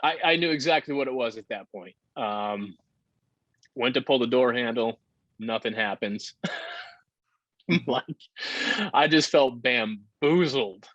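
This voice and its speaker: A man telling his story candidly in a casual interview, with halting fillers and the odd curse. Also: medium pitch, a bit bright, dry recording. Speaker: podcast guest. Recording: dull lo-fi sound.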